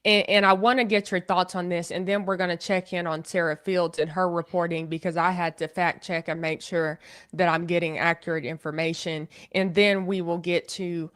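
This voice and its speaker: A woman's voice: lowish voice, steady tone, normal speed, fairly bright tone, smooth. A woman with an Oklahoma accent giving blunt, opinionated video commentary. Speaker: online commentator.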